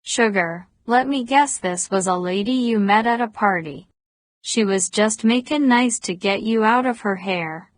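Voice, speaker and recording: A woman voicing a teasing Deep South woman with a smoky voice in an audiobook, speaking slowly. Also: no echo, lightly acted.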